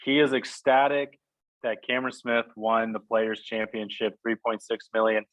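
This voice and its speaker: A man's voice: fairly low pitch, fairly even intonation, moderate pace, a bit bright, rough recording. A man hosting a podcast, bantering casually and teasing his guests. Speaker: podcast host.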